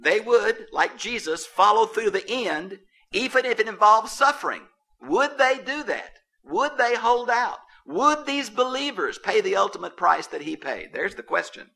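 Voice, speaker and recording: A man teaching a Bible class, emphatic and animated, chuckling as he explains. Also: high-pitched, measured pace, vocal fry.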